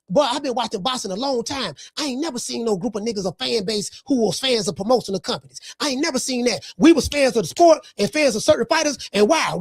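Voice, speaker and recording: A woman's voice: sits high, slightly rough, no room sound, studio quality. A woman hosting a podcast, delivering brash, profane boxing commentary with lots of repetition. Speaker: podcast host.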